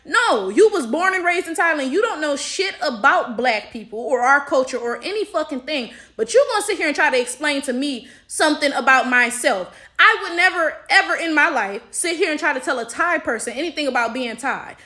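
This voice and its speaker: A woman's voice: sits high, animated, a little fast, few pauses, sharp tone. A woman with an African American accent giving blunt, exasperated commentary and swearing freely. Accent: African American English. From United States. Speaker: commentary vlogger. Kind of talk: opinion commentary.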